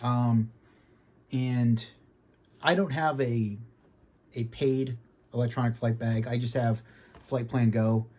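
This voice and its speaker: A man from Boston with a faint Boston accent, giving an easygoing casual review from his home sim cockpit and often clearing his throat. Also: medium pitch, fairly even intonation, takes it slowly, long pauses, a little mellow. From Boston, United States. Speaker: flight sim hobbyist.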